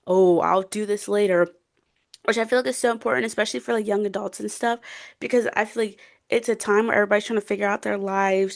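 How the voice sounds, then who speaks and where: A young adult woman co-hosting a book chat, bubbly and gushing, full of fillers and giggles. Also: medium pitch. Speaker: co-host of a book podcast. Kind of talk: casual chat.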